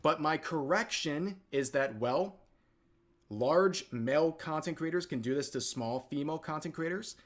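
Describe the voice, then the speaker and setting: A man narrating a commentary video in a measured, explanatory way. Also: a little high. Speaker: commentary youtuber. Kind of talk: commentary narration in a played clip.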